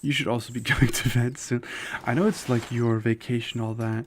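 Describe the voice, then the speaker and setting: A faint hiss runs beneath this man's steady, mid-range voice, which moves at a moderate pace. Gaming on a live stream, he chats casually in a loose, rambling way, with "like" constantly filling his speech, and he states his opinions bluntly and candidly.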